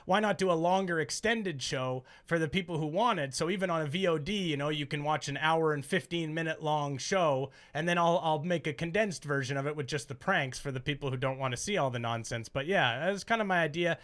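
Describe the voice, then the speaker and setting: A man's voice: a little high, brisk, hardly any pauses, fairly bright tone. A man hosting a call-in show, chatting casually and joking with callers. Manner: loose, joking, swears casually. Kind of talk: casual call-in radio-style chat.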